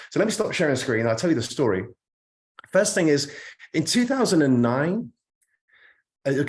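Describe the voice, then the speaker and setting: A British man from the United Kingdom giving an earnest, emphatic motivational talk as a career coach, often repeating words as he stresses a point. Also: mid-range voice.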